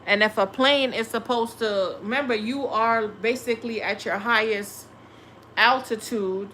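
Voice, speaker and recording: A woman's voice: on the high side, measured pace, pushed and bright, slight background noise. A young woman hosting a tarot livestream, chatting casually and bluntly with viewers, cursing freely. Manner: blunt, profane, talks back to chat.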